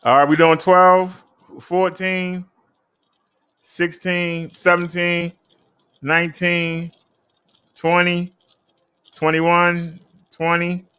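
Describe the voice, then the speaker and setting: A man's voice: sits high, monotone, extremely slow, pauses often, pushed and bright, smooth. A man hosting a casual live stream, chatting with viewers in a laid-back, direct way. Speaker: live-stream host reviewing e-bikes.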